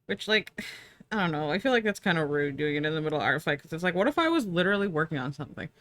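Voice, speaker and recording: A young woman chats with her stream while she works on a drawing, sleepy and yawning between thoughts. Her voice sits a little low but leaps up and down in lively swings. The sound is close and dry. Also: fast talker, no echo. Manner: chatty, bubbly, talks to chat and herself. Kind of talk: casual live-stream chat while drawing.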